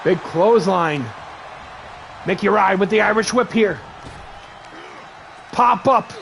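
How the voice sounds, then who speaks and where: A man's voice: sits high, slow pace, creaky, fairly bright tone, a little hiss or hum. A man calling a wrestling match play-by-play, firing off moves in short bursts and thanking his stream's viewers between spots. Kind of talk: excitable play-by-play commentary.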